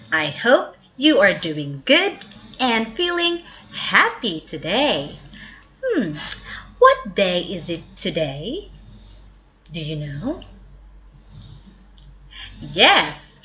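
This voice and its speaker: A woman teacher giving a slow, drawn-out vocabulary lesson for young children and spelling words aloud letter by letter. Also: medium pitch, sharp tone, dull audio.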